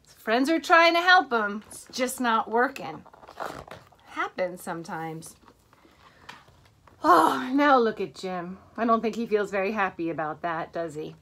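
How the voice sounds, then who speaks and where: A woman teacher reading a picture book to children in an animated way, stopping to ask them questions. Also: medium pitch, unhurried.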